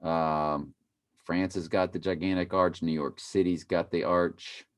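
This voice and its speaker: A man's voice: sits low, little pitch movement, a little slow. A man giving casual, playful commentary over a video he plays, repeating phrases in a mock chant and breaking into sudden exclamations.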